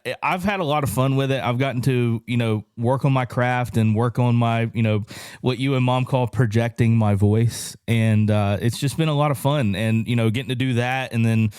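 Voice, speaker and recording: A man's voice: mid-range voice, moderate pace, darkish tone, clear, resonant tone, no room sound, studio quality. A young man co-hosting and producing a podcast, chatting casually with plenty of fillers. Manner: chatty, heavy fillers, laughs easily. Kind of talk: casual chat. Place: podcast studio. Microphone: studio microphone.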